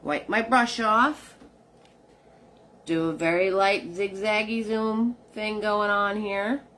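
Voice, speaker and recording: A woman's voice: mid-range voice, fairly even intonation, slow pace, fairly bright tone. A woman leading a live painting tutorial, chatting with her viewers as she works. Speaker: painting instructor.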